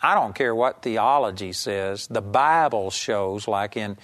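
A man teaching a sermon series on healing, talking in a conversational, emphatic way and reading scripture aloud slowly. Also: fairly low pitch, a bit bright. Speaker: Bible teacher.

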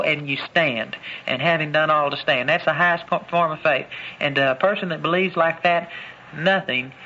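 A man's voice: on the high side, normal speed, bright, forceful tone. A man preaching a sermon, emphatic and fond of repeating his key phrases. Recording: dull lo-fi recording with faint noise.

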